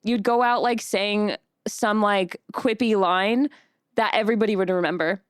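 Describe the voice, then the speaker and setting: A woman's voice: mid-range voice, steady tone, normal speed, smooth, no echo, clean studio sound. A woman streamer chatting casually with her live chat, bubbly, reading messages aloud and laughing often.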